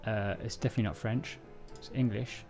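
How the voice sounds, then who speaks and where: A man's voice: on the low side, fairly even intonation, brisk, darkish tone, soft background music. Rambling, self-mocking male streamer. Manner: rambling, self-mocking, stumbles over words. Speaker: livestreamer reading a programming book. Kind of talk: casual live-coding walkthrough.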